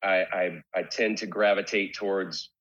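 Low husky-voiced man, candid guest. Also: fairly even intonation, normal speed, fairly bright tone, highs cut off. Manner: candid, rambling with many restarts. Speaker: guest, rock singer. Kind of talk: casual interview chat.

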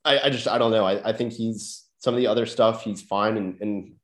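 A man's voice: fairly low pitch, fairly even intonation, a little fast. A podcast host getting over a cold, with a nasal voice, chatting casually about basketball draft prospects and often repeating words as he starts his thoughts. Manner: hesitant, repeats words when starting sentences. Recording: echoey room.

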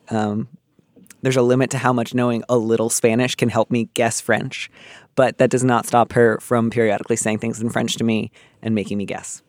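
A man's voice: mid-range voice, little pitch movement, normal speed, dry recording. A man hosting an advice podcast in a studio, chatting playfully and self-deprecatingly with plenty of ums. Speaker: podcast host. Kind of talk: casual chat.

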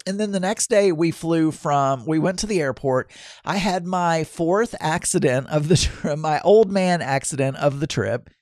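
A man's voice: on the high side, a little slow, a little mellow, dry recording, clean studio sound. Rambling middle-aged male podcast host. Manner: rambling, self-correcting, many fillers. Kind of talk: casual solo travel storytelling.

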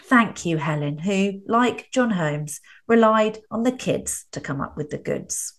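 A woman's voice: mid-range voice, lively intonation, measured pace. A woman hosting a comedy show, introducing guests and linking segments. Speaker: host. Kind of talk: radio presenting.

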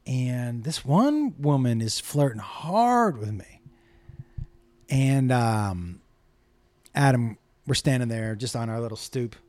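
A medium-pitched comedian casually tells a profane comic story, animatedly acting out other people's lines. The recording has no room sound.

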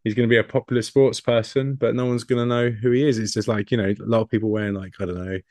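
A man from England co-hosting a podcast, chatting casually and laughing often, with quick voices for the people he quotes. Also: medium pitch, fairly even intonation, darkish tone, no room sound. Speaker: podcast co-host. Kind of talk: casual chat.

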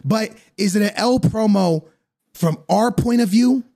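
A man hosting a casual livestreamed podcast, excitable and pushy, often calling people "bro". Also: sits high, a little slow. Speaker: podcast host.

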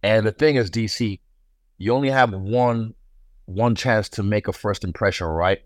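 A man's voice: fairly low pitch, moderate pace, dry recording, studio quality. A man talking as a guest fighter in a casual interview, laid-back and swaggering, now and then acting out other people's words.

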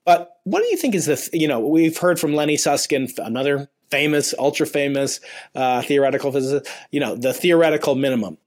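A man's voice: fairly high pitch, a little fast. Rambling man in his fifties hosting. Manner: rambling, many stammered restarts. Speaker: podcast host, physicist. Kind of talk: casual interview chat.

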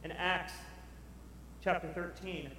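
Male preacher, higher voice, animated storyteller, caught from a distance in a big reverberant hall. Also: takes it slowly, slight background noise. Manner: animated, acts out Bible figures. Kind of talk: sermon. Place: large church hall. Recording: echoey hall recorded from far off.

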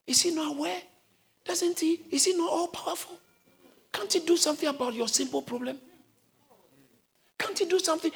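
A man preaching a sermon who often shouts and calls on the congregation to answer him, with listeners heard in the church. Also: very high voice, expressive, moderate pace, vocal fry, pauses often.

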